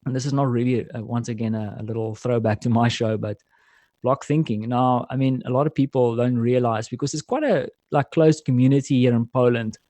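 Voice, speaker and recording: A man's voice: medium pitch, fairly even intonation, fairly quick, mellow, dry recording. A man from South Africa, a podcast guest in casual chat, telling stories in a friendly way and calling the host "man".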